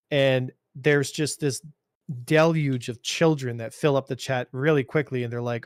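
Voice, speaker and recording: A man co-hosting a casual gaming podcast, telling stories in an animated, rambling way with many restarts. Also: medium pitch, normal speed, clean tone, dry recording, studio quality. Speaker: podcast co-host.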